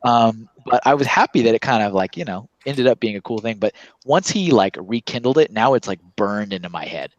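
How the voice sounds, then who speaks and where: A man talks in a low register, spinning a casual story with animated turns and acted-out quotes. The sound is close and dry, with no room around it. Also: brisk, hardly any pauses, no room sound, highs cut off. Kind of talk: casual chat.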